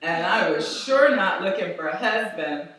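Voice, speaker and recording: A middle-aged woman from Philadelphia telling a personal story in an animated way, laughing often. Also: lowish voice, moderate pace. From Philadelphia, USA. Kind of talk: live storytelling. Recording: echoey room, voice far from mic.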